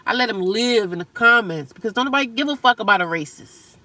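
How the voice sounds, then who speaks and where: A woman livestreaming, reading and answering chat comments in a blunt, profane, animated way and laughing often. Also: fairly high pitch, fast.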